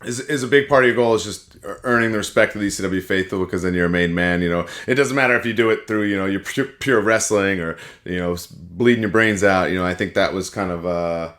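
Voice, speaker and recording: A man hosting a podcast, asking relaxed, leading questions in casual interview chat. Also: deep voice, fast, few pauses. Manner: relaxed, leading questions with lots of "you know". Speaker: podcast host.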